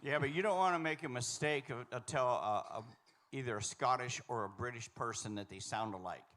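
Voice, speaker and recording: A man's voice: mid-range voice, brisk, a bit bright. A man on stage at a live show, dropping dry offhand remarks into the banter.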